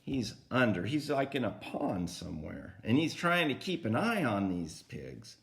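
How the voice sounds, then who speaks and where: Animated older man reading a storybook. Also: mid-range voice, a little slow, vocal fry. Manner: animated, asks the listener questions. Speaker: grandfather storyteller. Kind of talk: reading a picture book to a child.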